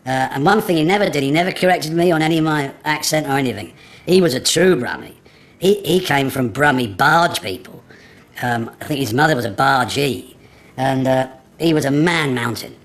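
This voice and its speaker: A man with a Liverpool accent, an actor, telling lively anecdotes in an interview. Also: mid-range voice, moderate pace. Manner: lively storytelling with laughter.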